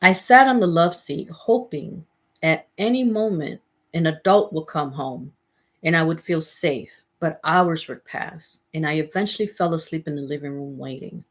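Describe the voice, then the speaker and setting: A woman reading a memoir aloud, telling it in a steady first-person way. Her voice is low and husky. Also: normal speed. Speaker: memoir reader. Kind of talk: audiobook reading.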